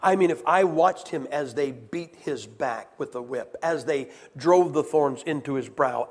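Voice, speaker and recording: A man preaching a sermon, emphatic, dropping low and then rising to shouts as he acts out quoted voices. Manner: emphatic, shifts from hushed to shouted.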